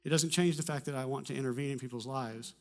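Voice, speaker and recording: A pastor preaching a sermon, telling a personal story in a conversational way with humor and animated bursts. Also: male voice, medium pitch, fast talker. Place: church.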